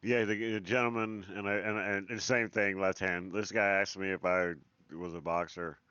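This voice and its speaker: Man, very low voice, blunt and sweary, dry close sound, slightly lo-fi. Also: flat delivery, normal speed, bright, forceful tone, clean tone, no room sound. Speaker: player. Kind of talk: casual in-character chat.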